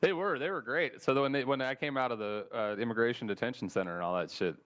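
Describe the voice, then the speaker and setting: The audio is dull, but the American man's smooth, medium-pitched voice comes through at a quick pace. He's sharing a travel story in profane, casual podcast talk, animated and swearing as he acts out what people said.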